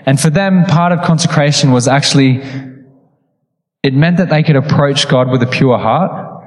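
A man's voice: medium pitch, moderate pace. A man, preaching a sermon with casual storytelling and laughing asides. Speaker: pastor. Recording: echoey hall with long reverb.

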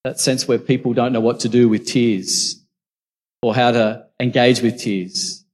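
A man's voice: mid-range voice, steady tone, a little slow, a little mellow. A man preaching a sermon, reading scripture and then reflecting on it in a conversational storytelling way. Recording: long reverb from a large hall.

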